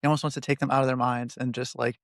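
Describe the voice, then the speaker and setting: Male host and coach, brisk even delivery, dry close sound. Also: mid-range voice, no echo. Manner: explanatory, storytelling, relaxed coaching talk. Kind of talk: casual podcast conversation.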